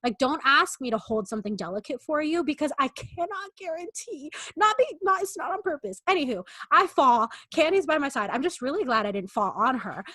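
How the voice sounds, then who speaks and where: A woman's voice: high-pitched, lively intonation, a little fast, few pauses, pushed and bright, no echo. A young adult woman co-hosting a podcast, telling a rambling, self-mocking story in a casual chat. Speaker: podcast co-host.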